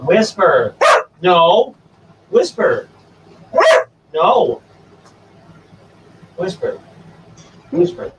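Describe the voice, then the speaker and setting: A man hosting a casual stream and giving his dogs coaxing commands, jumping to high sing-song calls. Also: very animated, very slow, long pauses, muffled recording. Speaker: stream host. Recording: distant from the mic. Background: dogs, faint room noise.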